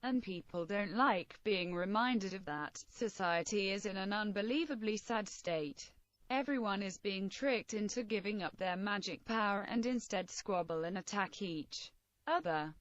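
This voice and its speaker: A woman's voice: mid-range voice, unhurried, no echo. A woman narrating a first-person story in an earnest, intense manner. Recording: dry, slightly muffled recording.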